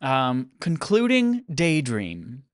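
Man, podcast host, casual chat, upbeat, laughs a lot, animated voice, dry sound. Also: medium pitch, takes it slowly, dry recording. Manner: upbeat, laughs often, runs a quiz game.

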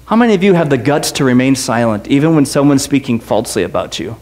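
A male pastor preaching in a church, animated and jokey, acting out quotes and asking questions. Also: medium pitch, fast. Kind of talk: sermon, Bible teaching. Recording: echoey church room.

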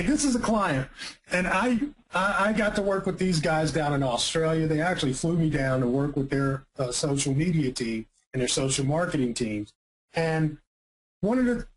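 Energetic male marketing presenter. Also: a little high, rough recording. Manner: energetic, emphatic, rhetorical questions.

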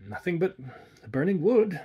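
A jumpy, irritable young city man, as a male reader raises his voice for him. He speaks high and tense, with a husky edge, as in a read-aloud story. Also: expressive, highs cut off. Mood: nervous. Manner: higher, tense and quick.

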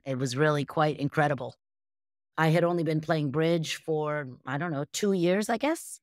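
A woman's voice: low voice, no room sound, clean studio sound. A woman from the United States, a guest on an interview show, answering casually and rambling with lots of fillers and restarts. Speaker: guest, bridge champion.

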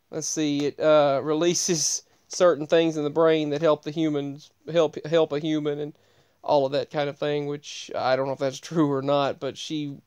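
A man's voice: a little high, a little mellow, clean tone, no echo. A man casually telling a personal story in a rambling, digressive way, often restarting his sentences.

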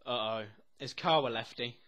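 A young man reacting to a TV episode as he watches. He talks excitedly, swears constantly and often laughs. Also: medium pitch, moderate pace. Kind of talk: live reaction commentary.

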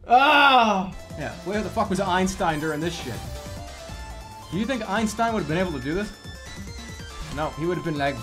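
A man streaming a game, excitable and profane, often laughing and yelping into a desk microphone. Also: high-pitched, brisk, long pauses, soft background music. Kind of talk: gaming livestream commentary.

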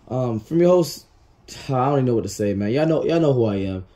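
A man's voice: mid-range voice, lively intonation, fairly quick, dark tone. A man hosting his own gaming channel, ranting and swearing in casual commentary. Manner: frustrated, ranting, swears a lot.

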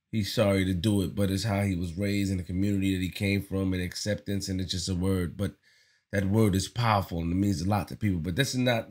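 A man giving casual spoken commentary on his channel, earnest and slangy, often repeating himself as he talks it through. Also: low voice. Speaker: vlogger.

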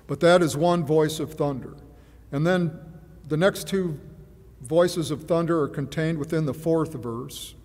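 Male preacher, slightly high voice, measured and reflective, fillers and restarts, church reverb. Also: darkish tone. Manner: measured, musing, hesitant with fillers and repeats. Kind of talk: sermon.

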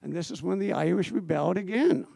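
A man's voice: high voice, quick pace, creaky, dark tone, no echo. A middle-aged man, an author and storyteller, giving an emphatic live history talk to an audience and repeating phrases for effect.

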